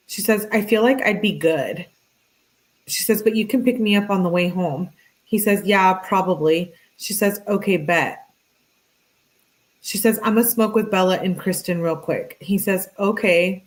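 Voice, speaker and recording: A young adult woman reading text messages aloud with commentary, her voice lifting slightly for the girl's lines. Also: rough recording. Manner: flat reading voice, pitch lifts for the girl's texts. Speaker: true crime commentator.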